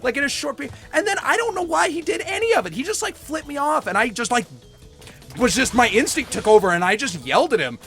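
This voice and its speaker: A man's voice: very high voice, animated, quick pace, fairly bright tone, soft background music. A young adult man chatting casually while playing a game, telling a story animatedly and swearing freely. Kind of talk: casual chat while gaming.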